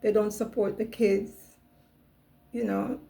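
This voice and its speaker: A middle-aged woman talking straight to her viewers about relationships, thinking out loud as she goes. Her voice has a gravelly, creaky edge, and she keeps dropping "you know" into her sentences. Her pitch sits in an ordinary middle range. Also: level tone, slow pace, rough recording. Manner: musing, chatty, frequent "you know" asides. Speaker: channel host. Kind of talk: casual monologue on relationships.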